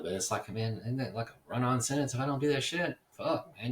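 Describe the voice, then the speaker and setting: A man's voice: mid-range voice, expressive, fast, few pauses. A middle-aged man hosting a casual solo podcast, rambling and profane, often laughing at his own jokes. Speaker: podcast host. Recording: roomy and distant from the mic, faint background noise.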